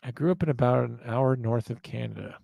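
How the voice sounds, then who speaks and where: Male podcast host, gravelly, self-deprecating rambler, dry close recording. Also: mid-range voice, brisk, mellow, no room sound. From northern United States. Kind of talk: casual chat.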